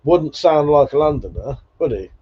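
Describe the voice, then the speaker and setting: A man's voice: a little high, animated, normal speed, breathy edge. A man hosting a casual livestream, chatting and swearing freely between laughs. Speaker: livestream host. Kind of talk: casual chat reading viewer comments. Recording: dull lo-fi stream audio.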